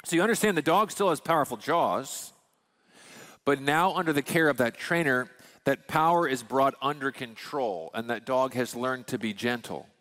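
A man's voice: medium pitch, moderate pace, a bit bright. Candid preaching man in a reverberant hall. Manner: conversational and candid, with folksy asides. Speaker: pastor. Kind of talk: sermon.

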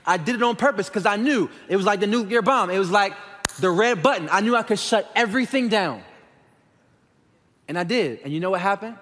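A male pastor with a fairly high voice delivers a frank, talky sermon in a church sanctuary. His voice trails off into a long hall reverb. He speaks to the congregation directly and casually. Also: brisk, a bit bright. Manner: conversational and candid, addressing the congregation as y'all.

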